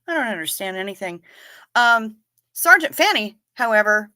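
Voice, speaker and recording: A woman's voice: fairly high pitch, very animated, moderate pace, bright, forceful tone, no room sound, studio quality. A woman hosting a live stream, chatting casually as she reads viewer comments aloud, wry and given to swearing and giggling.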